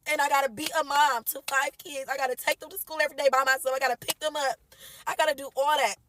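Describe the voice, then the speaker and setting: A woman's voice: sits high, fairly even intonation, fast talker, bright, forceful tone, rough recording. A young woman, a mother from the United States, venting tearfully and with heavy swearing into her phone camera from her car. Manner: profane, exasperated, tearful venting. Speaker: mother posting a social media video.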